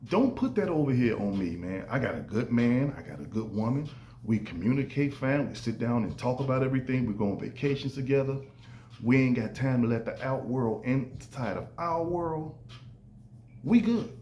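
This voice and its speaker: A man talks through a casual podcast monologue, lively and animated, leaping into higher voices when he quotes people. His middle-pitched voice sounds roomy and echoey, with a faint hum of ambience behind it. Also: normal speed. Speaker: podcast host.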